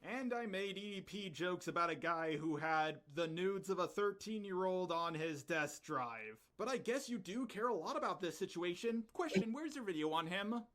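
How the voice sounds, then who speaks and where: Indignant man with a higher voice. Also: animated, normal speed, few pauses, a bit bright. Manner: indignant, pointed, rhetorical.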